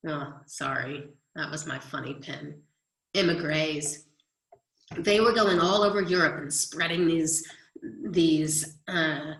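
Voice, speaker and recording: A woman's voice: on the low side, bright, forceful tone, roomy sound, low-quality recording. A woman history teacher giving a chatty recorded lecture, explaining with everyday examples.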